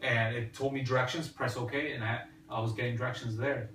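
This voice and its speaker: A man's voice: mid-range voice, flat delivery, a little fast, a bit bright. A man hosting a podcast, chatting casually about tech and hesitating often with fillers and restarts. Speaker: podcast host. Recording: echoey room, distant mic, faint hiss.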